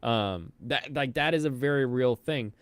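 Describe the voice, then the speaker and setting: A male streamer reacts sarcastically in a casual stream, laughing often and breaking into rants. His voice is smooth and resonant. The sound is dry and close. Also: mid-range voice, measured pace, dry recording. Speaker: stream host.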